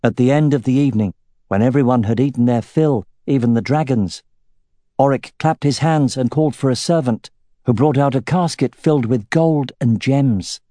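Mellow-voiced man narrating a fantasy audiobook. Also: medium pitch, normal speed, no echo.

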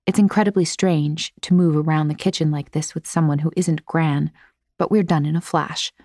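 A woman narrating an audiobook in a measured, precise way. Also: low voice, steady tone, a little mellow, no room sound, clean studio sound.

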